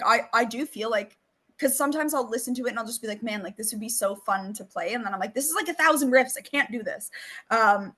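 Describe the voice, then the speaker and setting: A woman with a fairly high voice co-hosting a podcast in easygoing chat. She talks with bubbly enthusiasm and leans on lots of "like" and "um" fillers as she goes. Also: fairly bright tone. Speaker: podcast co-host. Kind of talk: casual chat.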